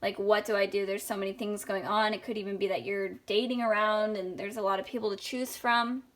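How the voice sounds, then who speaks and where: A woman's voice: mid-range voice, little pitch movement, a little fast. Chatty woman giving a tarot reading. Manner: chatty, rambling, many ums. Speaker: tarot reader. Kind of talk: casual tarot reading monologue.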